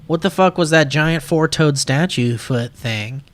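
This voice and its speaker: A male host with a fairly high voice reads out viewer comments and swears casually. He talks slowly, and the sound is dry and close. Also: dry recording. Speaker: podcast host reading chat. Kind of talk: casual chat.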